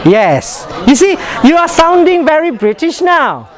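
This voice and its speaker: A man's voice: very high voice, very animated, measured pace, a crowd in the background. A man with a Malaysian accent teaching a pronunciation workshop, drilling sounds by repeating words and often chuckling. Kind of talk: live classroom teaching. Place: workshop room full of students. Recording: students chattering in background.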